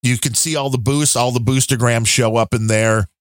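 A man co-hosting a casual tech podcast, talking in an animated, jokey way with big upward swings when he exclaims. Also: mid-range voice, normal speed, no room sound, studio quality. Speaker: podcast co-host.

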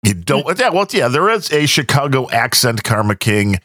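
A man's voice: mid-range voice, moderate pace, dry recording, clean studio sound. A man with a Midwestern American accent, co-hosting a podcast and telling casual stories with frequent laughs. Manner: animated storyteller, laughs often, mimics others. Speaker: podcast co-host. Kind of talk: casual chat, storytelling.

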